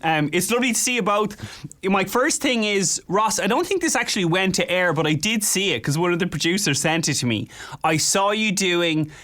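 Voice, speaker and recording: A man hosting a reality-show recap, quick, jokey and teasing with his guests. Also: high voice, animated, bright, forceful tone. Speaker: host.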